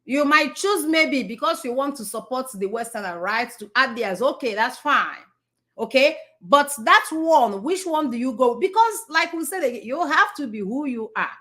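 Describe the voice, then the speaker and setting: A woman's voice: sits high, expressive, moderate pace, bright, forceful tone. A middle-aged woman with a Nigerian accent gives a conversational motivational talk, repeating herself, restarting sentences and asking the audience questions. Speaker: speaker addressing an audience.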